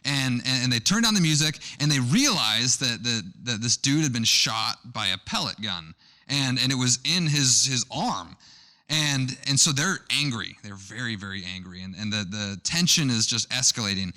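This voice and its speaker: A young male pastor with a bright, forceful tone preaches a sermon. He talks conversationally, drifting into a personal story, often restarting his phrases as he goes. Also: mid-range voice, lively intonation, normal speed.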